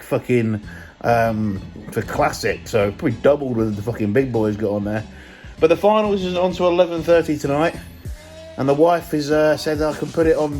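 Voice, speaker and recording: A man's voice: medium pitch, a little mellow. A young British man, a fitness coach, chatting casually and energetically through a day-in-the-life vlog, swearing freely as he goes.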